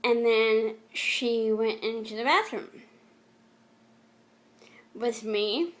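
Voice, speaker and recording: A middle-aged woman speaks to her viewers in a fairly high voice, telling a painful story from her past. She talks in an emotional, halting way, often stopping to restart or repeat a phrase. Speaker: vlogger. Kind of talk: personal storytelling vlog.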